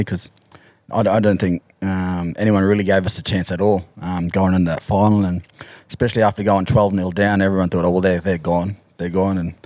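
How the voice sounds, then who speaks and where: A man with a slightly low voice recalls a big game in a laid-back, halting way, often restarting his sentences. He is recorded close and dry, with no room sound. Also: no echo. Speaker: podcast guest, rugby league player. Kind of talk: casual storytelling chat.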